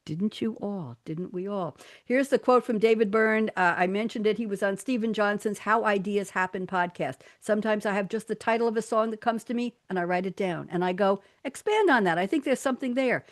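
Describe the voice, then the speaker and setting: A woman's voice: medium pitch, fairly quick, hardly any pauses. An older woman hosting a live radio talk show, reading quotes and poems aloud in a playful, theatrical way and laughing often. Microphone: studio mic.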